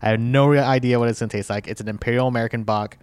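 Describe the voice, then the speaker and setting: A man's voice: mid-range voice, fairly even intonation, rapid-fire, darkish tone, clear, resonant tone, no room sound. A man co-hosting a casual beer podcast, explaining things hesitantly with many fillers. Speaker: podcast co-host. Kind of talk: casual chat.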